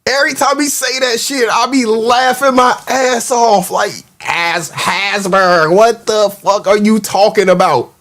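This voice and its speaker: A man's voice: very high-pitched, fairly even intonation, normal speed, few pauses, fairly bright tone. A man hosting a casual livestream, ranting in a mocking, profane, heated way and reacting to the live chat. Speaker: show host.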